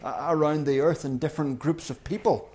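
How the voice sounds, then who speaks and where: A man preaching a sermon who tells the story lively and with humour, acting out little voices. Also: a little high, brisk, husky.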